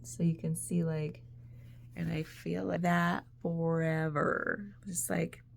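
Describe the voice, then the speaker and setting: A woman's voice: low voice, little pitch movement, slow pace, vocal fry, a little hiss or hum. A woman vlogger talking in a casual, rambling way, full of "like"s and easy laughs. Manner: rambling, chatty, laughs often, many "like"s. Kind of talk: casual reflective monologue.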